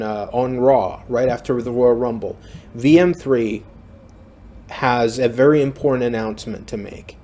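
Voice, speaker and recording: A young man talks through his ideas in a casual solo commentary. He rambles and restarts his sentences often. His voice sits at an ordinary middle pitch. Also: mellow. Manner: rambling, frequent restarts and fillers. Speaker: fantasy booking commentator.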